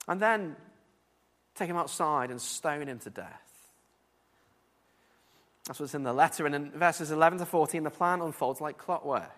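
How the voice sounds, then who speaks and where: A man preaching a sermon, earnest and animated, often repeating words as he builds his point. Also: on the high side, moderate pace, long pauses, big-room sound.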